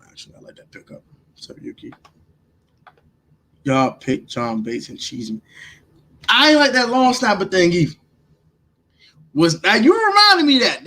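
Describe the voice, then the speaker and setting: Grading draft picks on a casual livestream, this host calls out viewers by name, speaking emphatically, repeating himself, and cursing freely. His high-sitting voice is bright and forceful, slightly rough.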